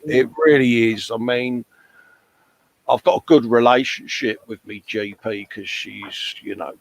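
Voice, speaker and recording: With a fairly low pitch, the English-accented British host keeps his casual livestream chat going, reading comments aloud and addressing viewers as mate.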